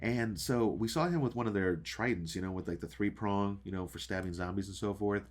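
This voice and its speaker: A man's voice: fairly low pitch, a little fast. A man hosting his own channel, giving a casual, rambling episode review with many fillers and restarts, often asking his viewers questions. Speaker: show reviewer and channel host.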